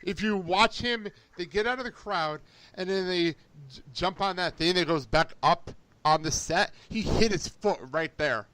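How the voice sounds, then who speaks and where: A man's voice: high-pitched, normal speed. A man co-hosting a podcast in casual chat, telling stories with lots of laughter. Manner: animated, laughs often, excitable storytelling. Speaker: podcast co-host.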